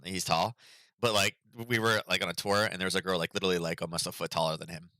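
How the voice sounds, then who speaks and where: A man's voice: deep voice, flat delivery, fast, sharp tone, no room sound. A middle-aged man hosting a market livestream, chatting casually and rambling with lots of fillers. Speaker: market analysis host.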